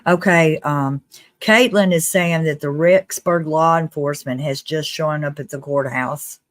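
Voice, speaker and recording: A livestream host delivers casual commentary in a medium-pitched voice, chatty and earnest, with restarts and quick laughs. There's no echo.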